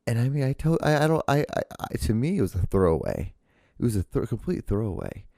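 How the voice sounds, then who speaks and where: A man's voice: medium pitch, very animated, fast, vocal fry, mellow, dry recording, clean studio sound. A man hosting his own podcast, talking in a rambling, profane solo monologue full of restarts. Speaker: podcast host.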